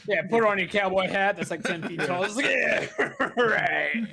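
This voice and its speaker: A man's voice: high-pitched, animated, moderate pace, gravelly, a crowd in the background. A man co-hosting a casual podcast, joking playfully and quoting other people in a teasing tone. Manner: playful, jokey, quotes others in a mocking tone. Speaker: podcast co-host. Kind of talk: casual chat.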